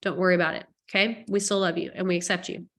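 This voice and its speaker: A woman real estate coach giving a casual training presentation, chatty and joking as she rushes through her points. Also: fairly low pitch, steady tone, fairly bright tone.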